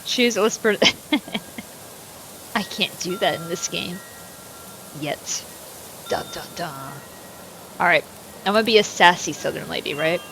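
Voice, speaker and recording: Excitable giggly woman streamer. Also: lowish voice, slow pace, long pauses, slight background noise. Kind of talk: casual gaming commentary.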